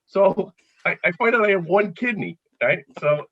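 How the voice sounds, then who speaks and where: A man in his fifties with a husky, slightly raised voice spins comic anecdotes, playing out each line of dialogue. His sound is dry and close, and it comes through a dull, lo-fi call line. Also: sits high, moderate pace. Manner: animated storyteller who acts out quotes. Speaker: comedian guest. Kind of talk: casual chat with comic anecdotes.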